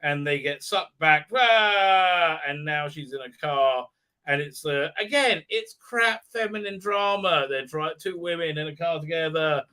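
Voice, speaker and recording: A man's voice: unhurried, pushed and bright, clear, resonant tone. Mocking man ranting through an episode recap. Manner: mocking, mimics characters in exaggerated squeaky voices; heavy "uh, uh" fillers and repeated "right?". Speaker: channel host.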